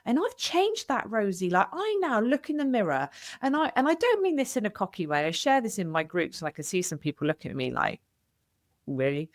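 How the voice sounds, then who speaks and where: A woman's voice: mid-range voice, wildly swooping pitch, fairly quick. A middle-aged woman speaking as a podcast guest, earnest and reflective, often restarting her sentences. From United Kingdom. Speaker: podcast guest, widow coach. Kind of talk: candid podcast conversation.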